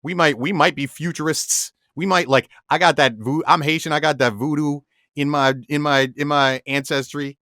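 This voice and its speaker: Podcast cohost guy, bright voice, animated, lots of restarts, dry close sound. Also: a little high, dry recording. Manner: animated, stumbling restarts, drops into slow dramatic delivery. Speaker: podcast co-host. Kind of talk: casual podcast banter.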